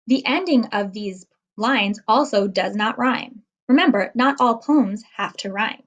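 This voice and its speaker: A woman teacher talking children through a lesson, counting out syllables slowly and clearly. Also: a little high.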